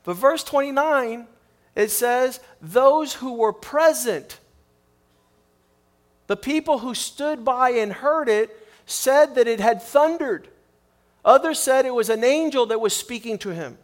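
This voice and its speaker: High-voiced animated male preacher. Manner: animated, quick bursts with repeated words. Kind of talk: sermon.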